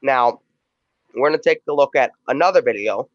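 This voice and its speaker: A man's voice: mid-range voice, moderate pace. A man hosting a show, casually setting up video clips and talking loosely with some restarts. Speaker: show host. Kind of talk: casual commentary introducing clips. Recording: dull dry lo-fi sound.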